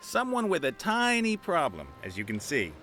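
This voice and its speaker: A man's voice: fairly high pitch, huge pitch swings, normal speed, bright, forceful tone, faint music behind, heavily acted. An actor playing a cocky male sky captain and treasure hunter in a video game, joking and laughing.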